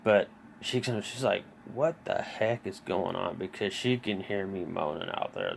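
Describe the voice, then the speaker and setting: A man's voice: deep voice, sing-song, a little slow, gravelly, slight background noise. A man telling a personal story in a rambling, casual way, with many fillers, restarts and swearing. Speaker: vlogger.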